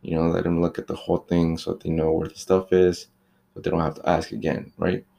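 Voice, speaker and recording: A young man who works at a fast-food shop, talking in a loose, chatty rant about rude customers. He swears freely and fills his talk with "like" and "you know". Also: low voice, flat delivery, vocal fry, dark tone. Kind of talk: casual ranting monologue.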